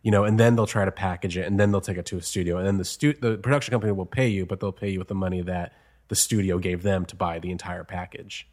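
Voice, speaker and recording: A man's voice: deep voice, fairly even intonation, quick pace, darkish tone. A man, a screenwriter, chatting casually as an interview guest and laughing often between stories.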